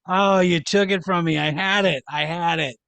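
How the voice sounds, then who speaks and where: A man co-hosting a casual podcast chat, animated and joking, swearing freely. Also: high voice, creaky, clean tone, no room sound. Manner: animated, swearing, quick to joke. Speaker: podcast co-host.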